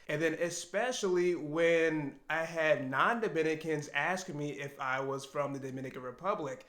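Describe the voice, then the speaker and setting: A man's voice: on the high side, fairly bright tone. Earnest man musing aloud in an echoey room. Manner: earnest, thinking aloud, with self-questions. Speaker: language learner vlogger. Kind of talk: reflective solo talk to camera.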